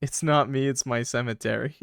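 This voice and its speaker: A man streaming a game, commenting casually, excitable and joking, laughing and swearing. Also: mid-range voice, dry recording, studio quality.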